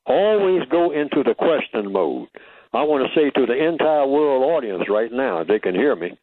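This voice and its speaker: A man speaks as a guest on a radio interview, at a middling pitch for a man. He talks in an emphatic, teacherly way and keeps asking rhetorical questions before he answers them. His voice comes through a narrow, phone-like line that sounds dry and close. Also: big pitch swings, normal speed, dry recording.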